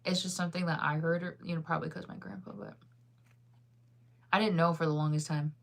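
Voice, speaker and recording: A woman's voice: sits low, steady tone, brisk, vocal fry. A young woman vlogging in a casual, rambling chat, enunciating her words fully and laughing often.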